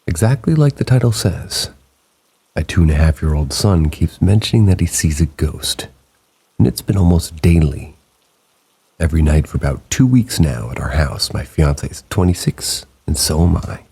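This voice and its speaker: A man narrating submitted true ghost stories in a slow, hushed late-night storytelling manner. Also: lively intonation. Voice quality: very deep gravelly voice. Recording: rain sounds behind the voice.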